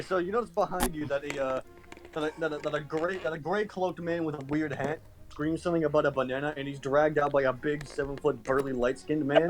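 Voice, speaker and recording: A man's voice: a little high, low-quality recording. A man narrating a tabletop game as game master, stopping and restarting his sentences often. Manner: halting, many restarts and repeats.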